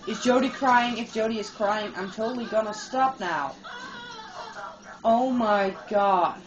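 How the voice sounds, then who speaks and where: A woman giving casual, excitable let's-play commentary while she plays, teasing and swearing. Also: a little high, a little slow, muffled recording. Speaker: gamer playing and commenting. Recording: game music playing behind.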